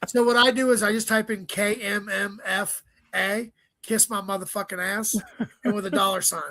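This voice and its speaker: High, bright-voiced profane comedian. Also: male voice, level tone, no echo. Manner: profane, rapid storytelling with joking asides. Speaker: stand-up comedian guest. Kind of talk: casual interview chat.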